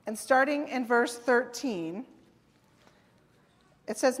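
A woman delivers a sermon in a fairly high voice, talking to the congregation as if in conversation and checking in with them as she goes. Her voice rings out through a church hall with a long reverb. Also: animated, a little slow, pauses often. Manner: conversational preaching, asking "right?" and "amen?". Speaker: preacher.

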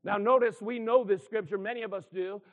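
A man's voice: high voice, steady tone, brisk. A man in his fifties or sixties preaching a sermon in church, earnest and emphatic, asking the congregation for responses. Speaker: pastor. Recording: tinny phone-like sound.

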